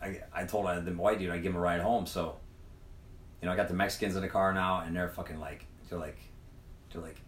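A man's voice: low-pitched, steady tone, fast, a little hiss or hum. A man telling a long, profane, rambling story in casual chat, acting out the other people's lines. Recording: echoey room, mic far off.

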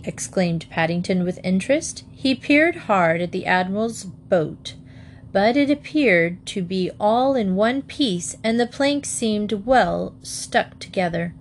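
A woman reading a children's storybook aloud in a gentle manner. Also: medium pitch, expressive, takes it slowly, a little hiss or hum. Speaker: narrator.

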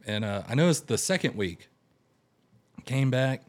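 Unhurried and medium-pitched, the young man is a guest sharing a long personal story in a casual conversation. He tells it animatedly, raising his voice to act out what people said.

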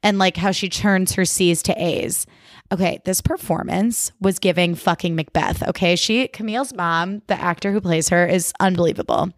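A woman's voice: on the low side, fairly even intonation, normal speed, no room sound, clean studio sound. A woman hosting a podcast, recapping a TV episode in casual chat, swearing freely and saying "like" a lot. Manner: chatty, swears freely, lots of "like". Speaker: podcast host.

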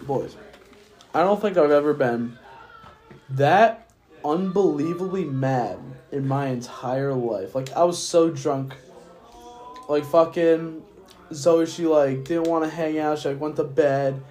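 A man's voice: a little high, slow, darkish tone. A drunk young man rambling through a profane story on a casual podcast. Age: young adult. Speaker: podcast host. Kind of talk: casual chat.

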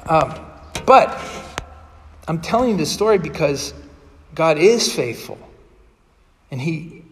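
A man's voice: on the high side, expressive, slow pace, long pauses, in a large hall. A male pastor delivering a sermon in a conversational storytelling manner, acting out the people he quotes. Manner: conversational storytelling, vividly acts out quoted dialogue.

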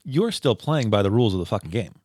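A man's voice: fairly low pitch, animated, fast, darkish tone, dry recording. A man in casual chat, blunt and swearing freely as he makes his point.

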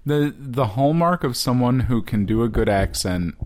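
A man's voice: medium pitch, expressive, normal speed, a little mellow. A man co-hosting a podcast in casual chat, dry and sarcastic. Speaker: podcast co-host.

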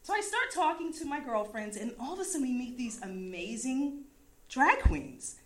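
A woman from the East Coast of the USA telling a personal story in a casual, animated way, laughing often and swearing freely. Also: high voice, normal speed, crowd noise.

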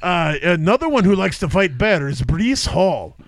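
A man's voice: high-pitched, sing-song, moderate pace, no room sound. A man putting on a comic Russian accent, boasting in broken English. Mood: boastful. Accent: put-on Russian.

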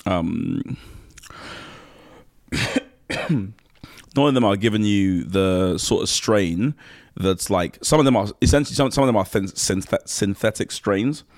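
A man's voice: on the low side, animated, a little slow, pauses often, no echo. A man co-hosting a casual chat, teasing and dry in his manner.

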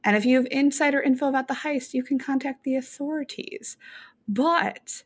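A woman co-hosting a podcast in casual chat, animated and joking, with frequent swearing. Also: sits high, normal speed. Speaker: podcast co-host.

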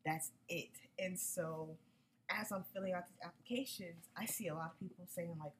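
A woman's voice: fairly low pitch, fairly even intonation, moderate pace, slight background noise, rough recording. A woman hosting a casual solo podcast, chatty and upbeat, using slang and talking straight to her listeners. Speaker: podcast host.

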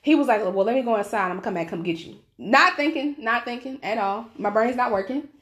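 Fast, lively woman telling a story. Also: a little high. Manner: animated, profane, acts out every voice in her stories; says her voice naturally carries. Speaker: podcast host. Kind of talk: casual storytelling chat.

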